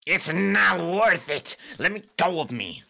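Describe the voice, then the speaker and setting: A man's voice: high-pitched, very animated, unhurried, vocal fry, pushed and bright, full character voice. A man voicing a grumpy, greedy little cartoon bone man who whines and trades insults in a comic readthrough. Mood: panicky. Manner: whiny, panicky, insulting.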